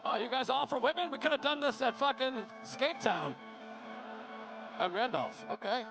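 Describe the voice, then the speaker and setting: A man's voice: very high-pitched, expressive, normal speed. A man doing loose, friendly banter on a theater stage as he introduces another comic. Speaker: stand-up comic introducing the host. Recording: echoey venue from far off. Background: crowd and music.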